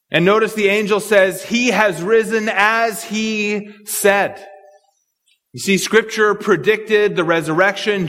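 A man with a fairly high voice preaches a verse-by-verse sermon, earnest and searching, often repeating a word as he gathers his thought. His voice rings with a long reverb, as in a large church hall. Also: pushed and bright. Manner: earnest, repeats words when thinking aloud. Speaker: pastor. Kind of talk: expository sermon.

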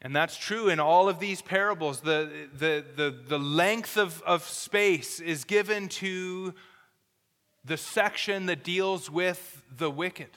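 Man, pastor, earnest sermon, high voice, long hall reverb. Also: takes it slowly, fairly bright tone. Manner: earnest preaching, reading scripture aloud, urgent warnings.

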